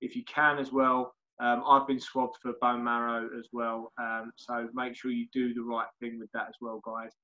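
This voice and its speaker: Bright-voiced podcast host. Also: male voice, medium pitch, flat delivery, normal speed, hardly any pauses. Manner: chatty, friendly sign-off with fillers. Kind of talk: casual interview chat. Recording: dull lo-fi podcast audio.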